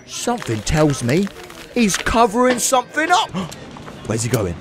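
A man commentating on a video game playthrough in an excitable, exclaiming way. His voice sits high and swings wildly in pitch. Game music plays behind him. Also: normal speed. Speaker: gaming YouTuber. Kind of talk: let's-play commentary.

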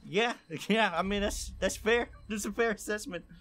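A man's voice: high voice, moderate pace, fairly bright tone. A man streaming a game, talking casually with sarcastic remarks, laughter and swearing.

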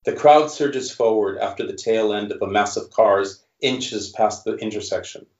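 A male author reading his own fiction aloud in a measured narration, then answering questions. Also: lowish voice, gravelly, darkish tone. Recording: roomy, dull recording.

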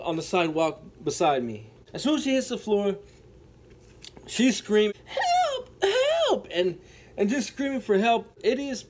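A man with a notably high voice, spinning a story-time tale for his viewers. He tells it dramatically, repeats his lines for effect and keeps turning to address them as folks. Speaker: storytelling vlogger.

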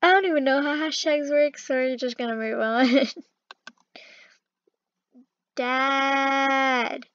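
A woman's voice: high voice, fairly quick, dry recording, lo-fi sound. A woman vlogger reading funny text messages aloud in casual commentary, giggling often as she talks. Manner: giggly, laughs often while talking.

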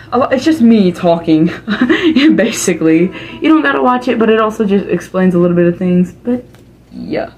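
A woman chats with eager excitement as co-host, her talk packed with "like" and quick asides. Her voice sits at a middle pitch, with faint background noise behind it. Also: lo-fi sound. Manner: excited, chatty, heavy use of "like". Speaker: video editor and co-host. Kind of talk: casual chat.

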